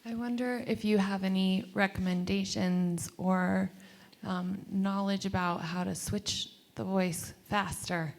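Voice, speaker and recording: A woman's voice: mid-range voice, fairly even intonation, slow pace. A woman in a chapel congregation asking a question, hesitant and curious with fillers. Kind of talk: question in a group discussion.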